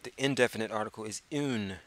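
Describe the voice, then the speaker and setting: A man teaching a casual beginner French lesson, spelling words out letter by letter and repeating phrases slowly. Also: lowish voice. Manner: slow, spells words out letter by letter, drawn-out repetitions. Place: public access TV studio.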